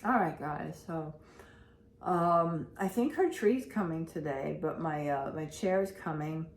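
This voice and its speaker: This low-pitched, slow-speaking woman is a vlogger and pet owner sharing a casual day-in-the-life video from home. Anxious and emotional, she rambles and repeats herself, and the recording sounds roomy with faint background noise.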